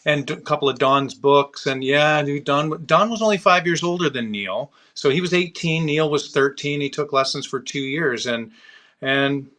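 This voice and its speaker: A man's voice: fairly high pitch, moderate pace, pushed and bright. A man, a drummer and author, chatting as a guest and reminiscing in a rambling, enthusiastic way. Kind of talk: casual chat.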